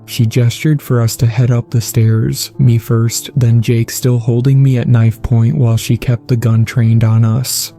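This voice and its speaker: A man narrating a horror story in a steady, scripted reading. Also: mid-range voice, moderate pace, few pauses, soft background music.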